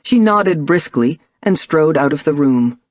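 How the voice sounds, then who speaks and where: A woman narrating a first-person audiobook in a measured, expressive way. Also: low voice, no room sound, clean studio sound.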